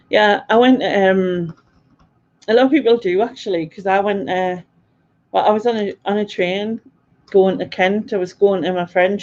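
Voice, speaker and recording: A woman's voice: medium pitch, a little mellow, lo-fi sound. A woman from Sunderland with a northeast English accent, chatting casually and rambling on a live stream as she answers her viewers, laughing often. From Sunderland, northeast England. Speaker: live-stream host reading chat.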